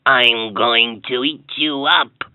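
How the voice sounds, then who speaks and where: A terrible troll growls from under his bridge, as a man puts him on, low and dragging each word out slowly. The storybook voice sounds deep and menacing. It plays through a tinny, dry toy speaker. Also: roomy sound, big-room sound, lightly acted. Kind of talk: storybook character voice.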